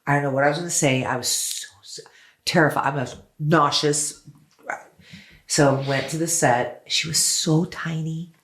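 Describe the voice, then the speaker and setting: A woman's voice: low-pitched, steady tone, normal speed, a bit bright. An effusive woman singer chats as a guest on an interview show. She tells her stories with big enthusiasm and swears freely along the way. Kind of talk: casual interview chat.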